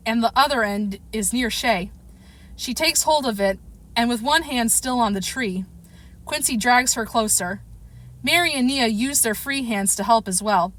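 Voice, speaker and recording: A woman narrating a first-person audiobook chapter, reading expressively and now and then correcting herself. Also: fairly high pitch. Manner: expressive storytelling, occasional self-corrections.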